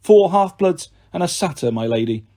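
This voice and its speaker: A man's voice: a little high, lively intonation, moderate pace, close to an everyday voice. A man doing a proud, fierce huntress. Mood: disdainful. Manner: sharp barked orders. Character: fierce teenage huntress, proud, disdainful lieutenant.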